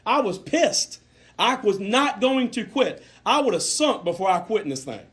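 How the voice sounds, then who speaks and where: A man giving a fervent, emphatic motivational sales training talk to a room of salespeople, swinging between loud and soft. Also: high-pitched, big pitch swings, moderate pace. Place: room with a live audience.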